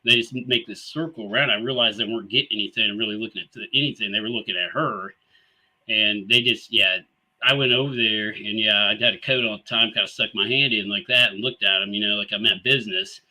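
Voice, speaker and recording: A man's voice: fairly low pitch, steady tone, fast talker, pushed and bright, poor audio. A man, hosting a casual live talk show and telling stories in an easygoing, rambling way full of fillers and chuckles. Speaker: show host.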